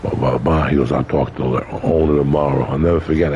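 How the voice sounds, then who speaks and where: A man's voice: very deep voice, steady tone, fairly quick, mellow, slight background noise, rough recording. An older man telling stories in a casual interview, colorful and profane, acting out other people's lines. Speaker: guest. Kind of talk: casual storytelling.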